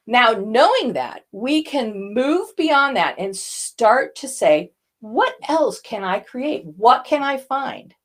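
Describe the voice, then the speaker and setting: A woman's voice: fairly high pitch, sing-song, slow. An older woman, a voice coach, teaching a lesson and demonstrating vocal effects as she explains.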